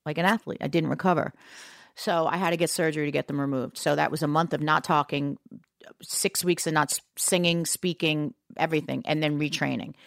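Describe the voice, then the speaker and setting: A middle-aged singer from New York, USA, speaks frankly and reflectively as a guest in a candid podcast conversation, plain-spoken throughout. Her low, creaky voice is steady and a little fast, recorded dry with clean studio sound.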